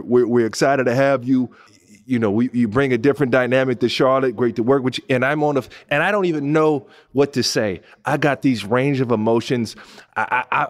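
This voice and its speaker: A man in his thirties from Pasadena, hosting a podcast and telling a story animatedly, swinging between hushed asides and excited outbursts. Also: mid-range voice. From Pasadena, California. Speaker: podcast host.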